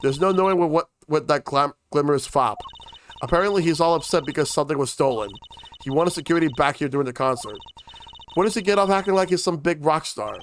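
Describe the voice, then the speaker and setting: A man reading the lines of a grumpy young woman detective in a brusque, irritable manner, close to his own fairly high voice. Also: fast talker, a little hiss or hum, lightly acted.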